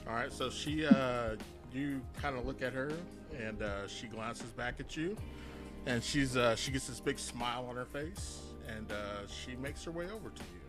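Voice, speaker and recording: A man's voice: medium pitch, moderate pace, over music. A man running a tabletop game as game master, talking in a rambling, hesitant way with many restarts. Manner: rambling, lots of uh fillers and restarts.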